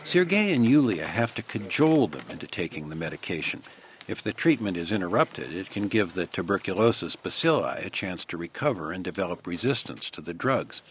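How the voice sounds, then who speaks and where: A male radio reporter giving measured, descriptive scripted news narration. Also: low-pitched, sing-song, a little hiss or hum.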